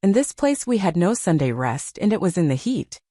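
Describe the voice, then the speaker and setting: Lively woman audiobook narrator. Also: lowish voice, dry recording, clean studio sound. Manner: measured storytelling. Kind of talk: scripted narration.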